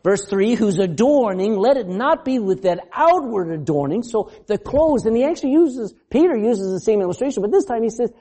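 A male pastor preaching a sermon in a high, mellow voice that swings widely in pitch. He quizzes the congregation, laughs often and acts out the voices he quotes. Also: brisk, few pauses, husky. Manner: animated, asks the congregation questions.

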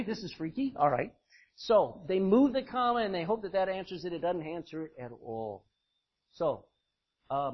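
Husky, animated male preacher. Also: high voice. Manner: emphatic, calls on congregants by name to read verses. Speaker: preacher teaching a Bible study. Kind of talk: interactive sermon. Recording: dull lo-fi recording.

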